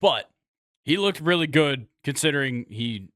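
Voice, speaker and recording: A man's voice: mid-range voice, animated, measured pace, fairly bright tone, no room sound, clean studio sound. Laid-back young man talking sports. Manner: laid-back, laughs often, trails off with fillers. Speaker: podcast co-host. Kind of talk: casual sports chat.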